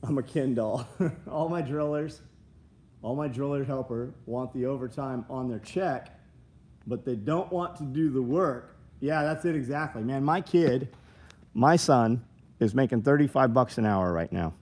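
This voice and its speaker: A man's voice: mid-range voice, a little slow, darkish tone. A middle-aged man, hosting a livestream and chatting casually through viewer comments in a blunt, profane, rambling way. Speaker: livestream host.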